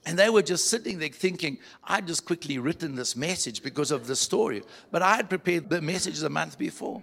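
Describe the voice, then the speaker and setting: A man preaching to a church, telling a story with animated quoted voices. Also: fairly high pitch, fairly quick, vocal fry, few pauses. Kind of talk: sermon storytelling.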